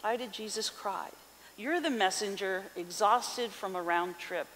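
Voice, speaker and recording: A woman pastor reading scripture and preaching a sermon in an expressive voice, asking the congregation questions. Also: mid-range voice, a little slow. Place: church sanctuary. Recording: reverberant hall with faint hiss.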